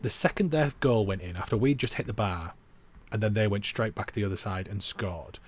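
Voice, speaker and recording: A man's voice: fairly low pitch, brisk, slightly rough. A man co-hosting a football podcast, chatting casually and rambling with self-mocking asides. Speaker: podcast co-host.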